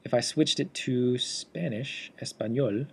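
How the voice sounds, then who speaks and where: A man walks through a software tutorial as an instructor. His voice sits at a middle pitch, and he explains each step in a steady, teacherly manner. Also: normal speed, slight background noise. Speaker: assistive technology instructor. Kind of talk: instructional screencast walkthrough.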